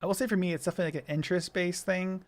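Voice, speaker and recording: A man's voice: high voice, fairly even intonation, very fast. A man in his thirties, co-hosting a podcast, telling stories in a chatty way and laughing often. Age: 30s. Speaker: podcast co-host. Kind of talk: casual chat.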